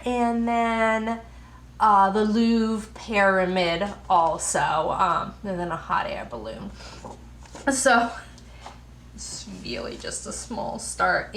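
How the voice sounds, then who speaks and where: Slow-talking American woman, echoey room. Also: medium pitch, a bit bright. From United States. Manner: unhurried, rambling, with many fillers. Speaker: podcast host. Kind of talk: casual knitting podcast chat. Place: home.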